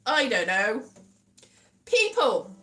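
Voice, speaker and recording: Chatty woman, bright and lively. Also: on the high side, takes it slowly. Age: 30s. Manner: chatty, rambling, self-mocking, breaks into sing-song. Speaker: livestream host. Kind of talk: casual chat reading viewer comments.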